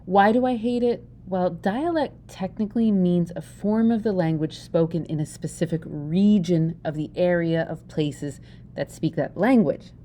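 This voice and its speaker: In an informal video lesson, a woman teacher with a Pennsylvania Dutch accent chats and jokes, regularly quizzing her listener. Her low-side voice sounds mellow, with a little hiss or hum in the audio.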